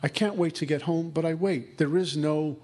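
A man's voice: fairly high pitch, moderate pace, a little mellow. Man giving a recovery talk. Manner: conversational, acts out inner dialogue. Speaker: recovery speaker.

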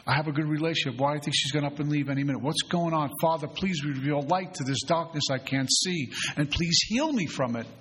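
A man's voice: on the high side, quick pace, hardly any pauses, a bit bright, a little hiss or hum. A man leading a spiritual recovery retreat, talking in an earnest, conversational way and often repeating his phrases. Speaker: retreat facilitator. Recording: long hall reverb.

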